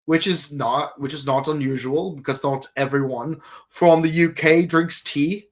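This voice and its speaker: Male podcast co-host, unhurried, rambling, jokey. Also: a little high, fairly even intonation. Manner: rambling, joking, many restarts and fillers. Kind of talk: casual podcast chat.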